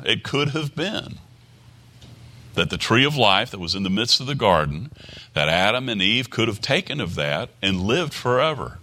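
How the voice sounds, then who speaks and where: A male pastor delivering a sermon in a bright, sharp-edged voice that sits a little low. He alternates between reading scripture with rising emphasis and commenting plainly with fillers. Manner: reads scripture in old-fashioned phrasing, then comments in plain speech with fillers.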